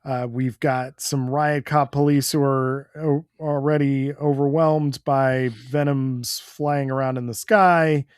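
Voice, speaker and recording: A man's voice: mid-range voice, little pitch movement, slow pace, hardly any pauses, clean tone, dry recording, studio quality. A man co-hosting a comics podcast, recapping the plot in an easygoing way with fillers. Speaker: podcast co-host. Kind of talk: casual comics chat.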